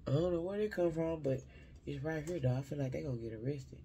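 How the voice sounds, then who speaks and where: A man's voice: on the high side, fast, warm tone, slight background noise. A man giving a casual spiritual reading to his viewers, rambling and talking straight to them while often second-guessing his own words.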